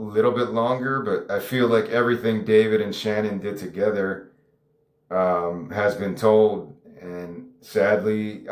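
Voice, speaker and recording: A man who wrote a screenplay talks about it on his own to camera in a casual, rambling, chatty way, laughing often. His voice is fairly low and darkish in tone, with a reverberant sound.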